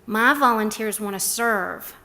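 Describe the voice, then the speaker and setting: A woman's voice: mid-range voice, unhurried. A middle-aged woman giving a prepared talk, telling stories and acting out the quoted lines. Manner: warm, storytelling, acts out quotes. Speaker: speaker on a respite care program.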